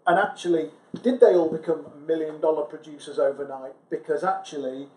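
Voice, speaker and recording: A man's voice: on the high side, fairly even intonation, fairly quick, mellow. A man co-hosting a casual chat, thinking aloud in a reflective way with frequent restarts. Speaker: podcast co-host, sales recruiter. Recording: echoey room.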